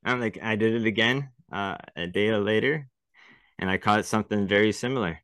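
A laid-back man with a very low voice tells stories in an easy drawl, chatting as a podcast co-host. His speech is unhurried and relaxed. The recording is close and dry, with no echo. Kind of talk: casual chat.

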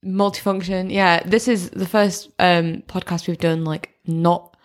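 A woman's voice: fairly low pitch, steady tone, a little slow. A young woman co-hosting a podcast in casual chat, telling stories in a chatty way. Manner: chatty storyteller. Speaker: podcast co-host.

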